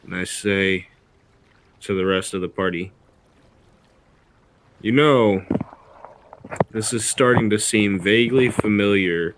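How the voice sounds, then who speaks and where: Guy with a really low voice playing a tabletop game, dry and slow, noisy mic. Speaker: player. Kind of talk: tabletop role-play.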